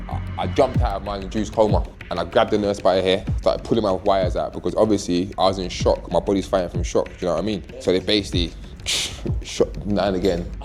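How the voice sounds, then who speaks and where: A man with a London accent telling his story in an interview, animated and slangy, swearing freely. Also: deep voice. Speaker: interviewee, knife crime campaigner. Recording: music playing under the voice. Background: music.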